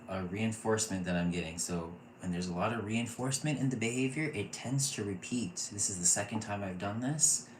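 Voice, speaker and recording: A man in his thirties teaching a casual online intuition class, gushing and excitable and often laughing. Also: lowish voice. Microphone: computer mic, off camera. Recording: echoey room with faint noise.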